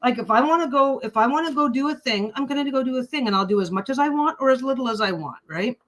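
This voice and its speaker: Bright-voiced woman ranting bluntly. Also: high voice, animated, quick pace, low-quality recording. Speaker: livestream host. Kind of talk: casual chat while sewing.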